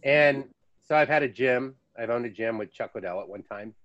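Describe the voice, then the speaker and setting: An American man hosting a podcast, telling stories in a chatty, casual way with lively asides. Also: medium pitch, normal speed, dull audio. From United States. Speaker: podcast host. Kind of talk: casual chat.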